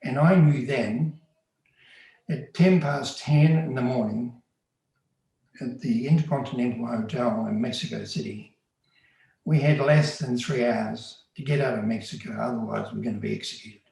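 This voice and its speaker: Recalling his time undercover, this man talks at a normal pace in a medium-pitched, creaky and slightly mellow voice. He tells the story earnestly and plainly, as if chatting, and the room around him echoes heavily.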